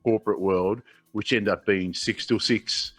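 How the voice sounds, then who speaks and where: A man's voice: on the low side, steady tone, unhurried, a bit bright, slightly rough, no room sound, faint music behind. A man in his forties with an Australian accent, a guest on a casual radio chat, telling stories and acting out the people he quotes. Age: 40s.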